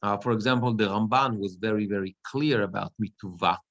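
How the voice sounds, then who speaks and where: A man's voice: lowish voice, fairly quick, a bit bright, highs cut off. A cantor and rabbi teaching a class on prayer chanting. He explains step by step and often asks "right?" to check that his students follow.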